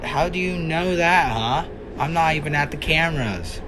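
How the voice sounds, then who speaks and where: A man's voice: a little high, animated, moderate pace, background noise. A man giving casual gaming commentary, reacting with dry sarcastic remarks. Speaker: gamer.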